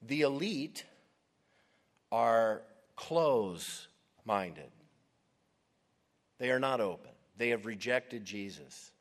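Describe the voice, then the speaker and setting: A male pastor preaches at an unhurried, measured pace, leaning hard on key words for dramatic weight. His voice sits at an ordinary middle pitch. It rings out with a long reverb, as in a large hall or church. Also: animated. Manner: emphatic preaching, slow and deliberate with dramatic stresses. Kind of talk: sermon.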